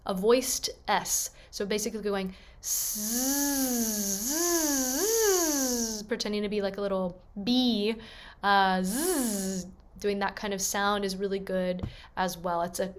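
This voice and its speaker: A woman voice teacher leading a gentle, encouraging vocal warm-up lesson and demonstrating the sounds herself. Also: medium pitch.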